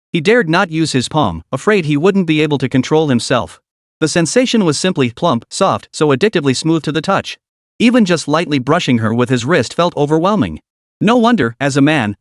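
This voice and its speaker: A man giving a steady scripted narration of a comic story. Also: on the high side, no room sound, studio quality.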